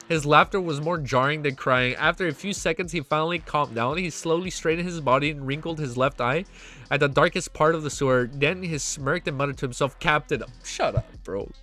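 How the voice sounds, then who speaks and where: A young man hosting a reaction stream. He reads a web novel aloud and keeps breaking in with excited, slangy outbursts. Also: fairly high pitch. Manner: excitable, slangy, cuts in on his own reading with outbursts.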